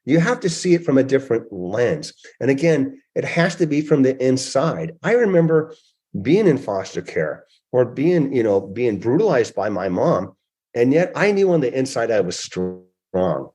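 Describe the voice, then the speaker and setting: A husky-voiced man in his sixties speaks as an interview guest, telling stories with plenty of emphasis. His voice sits in a middle pitch and carries a slightly rough edge. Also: very animated, moderate pace, darkish tone. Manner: emphatic, acts out quoted voices. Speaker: guest author. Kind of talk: animated storytelling interview.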